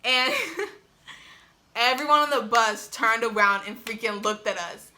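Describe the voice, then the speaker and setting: Speaking slowly with a high-leaning, bright, forceful voice, a young woman shares a personal story in a casual vlog. She's chatty, peppers her talk with "like," laughs frequently, and is recorded by a phone camera on a tripod.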